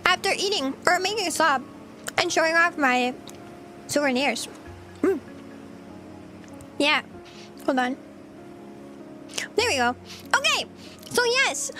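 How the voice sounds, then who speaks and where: A woman's voice: extremely high pitch, sing-song, takes it slowly, pauses often, bright, forceful tone, soft background music. A woman VTuber streamer chatting casually with viewers while she eats, giggly and rambling. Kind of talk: casual livestream chat.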